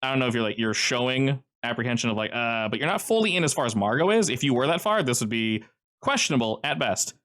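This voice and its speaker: A man's voice: mid-range voice, sing-song, fast talker, fairly bright tone. A man running a tabletop role-playing game, describing the scene in a casual, rambling way with frequent fillers. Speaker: game master.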